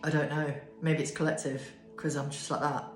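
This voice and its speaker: Woman tarot reader, sleepy and blunt, low pitch, roomy echo. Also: level tone, brisk. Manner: sleepy, yawning, swears casually. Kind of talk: casual tarot reading to camera. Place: bright room at home, indoors. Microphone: camera on a desk with ring light. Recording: echoey room with faint music.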